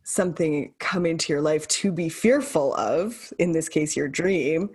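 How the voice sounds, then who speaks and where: A woman's voice: low voice, unhurried, a little mellow, husky. A woman co-hosting a podcast, speaking reflectively in spiritual terms in casual chat. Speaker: podcast co-host.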